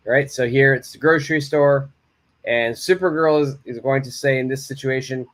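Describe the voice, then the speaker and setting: A man's voice: mid-range voice, fairly even intonation, moderate pace, a bit bright. Encouraging male English teacher. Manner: encouraging, reads out viewers' answers and models phrases. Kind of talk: live online English lesson. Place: home.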